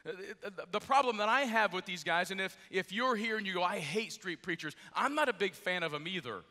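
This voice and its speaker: Middle-aged pastor guy preaching, high bright voice, kinda jet lagged, cracks jokes, big church reverb. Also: fairly quick. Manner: lively, joking, conversational preaching. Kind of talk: sermon. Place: large church with balcony. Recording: long church hall reverb.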